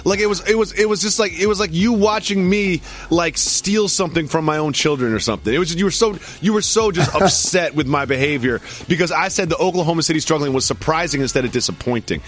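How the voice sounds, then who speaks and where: A man's voice: fast, few pauses. A man co-hosting a sports podcast, bantering and ranting with mock outrage. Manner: animated, mock-outraged, high-energy ranting. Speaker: podcast co-host.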